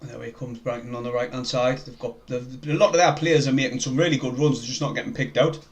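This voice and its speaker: A young man with a North East English accent, commenting on a football match live for his stream and chatting with viewers in a chatty, excitable way. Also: medium pitch, fast. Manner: chatty, excitable, laughs often, reads out viewer names.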